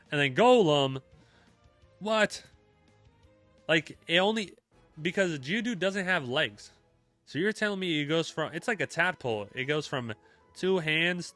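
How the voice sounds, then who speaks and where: Young man, casual stream chat, bright tone, smooth voice, faint music behind. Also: on the high side. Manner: relaxed and chatty, talks to chat, many fillers.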